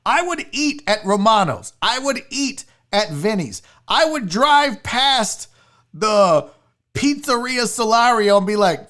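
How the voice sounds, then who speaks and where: A man's voice: high voice, sing-song, slow, pushed and bright. A young man hosting a show, ranting casually about food with rowdy, profane, mock-angry outbursts. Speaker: sports show host. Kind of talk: casual livestream rant.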